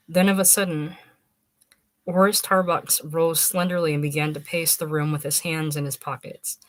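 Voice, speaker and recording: A woman narrating a short story in a steady, measured audiobook reading. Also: low-pitched.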